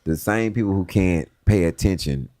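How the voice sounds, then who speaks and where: A man's voice: low-pitched, normal speed, dark tone. A man co-hosting a podcast, chatting casually and restarting phrases often. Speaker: podcast co-host. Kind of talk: casual chat.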